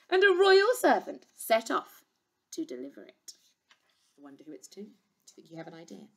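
A woman teacher reading a storybook aloud to young children, expressive, with gentle asides to her listeners. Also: medium pitch. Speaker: reception class teacher.

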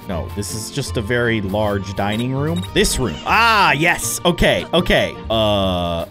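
A man's voice: on the high side, a bit bright. A young man casually commenting as he plays a mobile game, chatty and playful with rambling asides. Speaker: gaming channel host.

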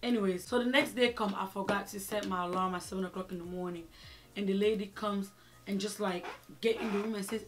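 A woman's voice: mid-range voice, brisk. Chatty woman telling a story. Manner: chatty, animated, many filler "like"s. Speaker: storytime vlogger. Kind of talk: casual storytelling.

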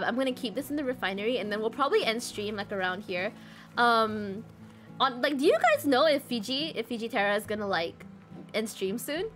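A woman's voice: fairly high pitch, a bit bright. A young woman from Malaysia chatting casually while streaming a game, reading chat aloud and swearing now and then. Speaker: VTuber streamer. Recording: faint game music behind.

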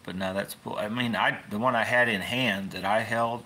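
Folksy rambling man, low and bright. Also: fairly even intonation, normal speed. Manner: rambling, folksy, trails off into wry asides. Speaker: fishing channel host. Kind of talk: casual rambling livestream chat. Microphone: phone.

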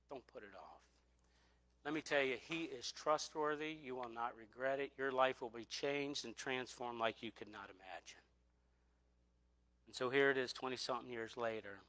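A middle-aged man preaching in a bright, clear, forward voice. He gives an earnest personal testimony and leans on repeated phrases for emphasis. The sound is close and dry, with almost no room around it. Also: medium pitch, dry recording. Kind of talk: sermon.

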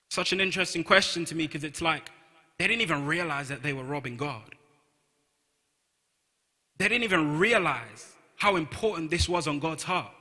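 A man with a London accent preaches in an emphatic, repeating style, his voice high and piercingly bright. Long reverb trails off the walls of a large church hall around him. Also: normal speed. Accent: London English. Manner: emphatic, repeats key phrases, reads scripture aloud. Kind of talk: sermon.

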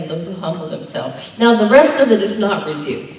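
A woman's voice: medium pitch, expressive, normal speed, a little mellow. A woman pastor preaching a sermon, emphatic and drawing responses from her congregation. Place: church sanctuary. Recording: echoey church hall, distant mic.

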